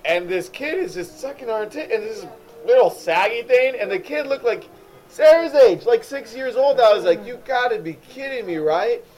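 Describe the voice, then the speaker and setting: Young male podcast co-host, high and animated, jokey storyteller. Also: normal speed, low-quality recording. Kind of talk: casual chat.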